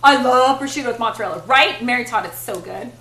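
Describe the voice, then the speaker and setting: High, bright-voiced young woman streaming. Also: fast talker, reverberant, poor audio. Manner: chatty, blunt, swears casually. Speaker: livestreamer. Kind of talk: casual chat while cooking on stream. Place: home kitchen.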